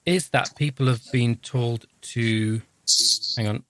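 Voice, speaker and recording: A man's voice: medium pitch, steady tone, takes it slowly, dry recording. A man, hosting a podcast in a casual, rambling, self-deprecating, jokey way. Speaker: podcast host. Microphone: podcast microphone.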